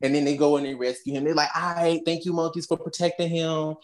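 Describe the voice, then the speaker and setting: Low-voiced woman recapping a movie. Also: fast. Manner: animated storytelling, acts out characters' lines. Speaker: podcast co-host recapping a movie. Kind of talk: casual chat.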